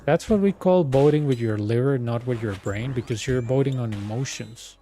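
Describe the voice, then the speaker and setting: A man's voice: mid-range voice, moderate pace, dark tone, faint music behind. Exasperated young man. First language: Spanish. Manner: exasperated, rambling, says dude a lot. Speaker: gaming streamer. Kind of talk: casual rant while gaming.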